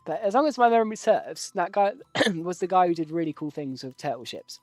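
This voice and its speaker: A man's voice: high voice, a little fast, no room sound, faint music behind. A man giving casual, rambling live commentary while playing a strategy game, joking at his own expense and swearing now and then. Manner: rambling, jokey, self-deprecating.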